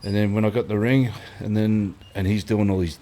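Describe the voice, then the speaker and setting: A man's voice: on the low side, steady tone, a little fast, warm tone, a little hiss or hum. Sweary Australian man telling fight stories. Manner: blunt and sweary, retells stories with acted-out quotes. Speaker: guest, former fighter. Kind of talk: casual podcast chat.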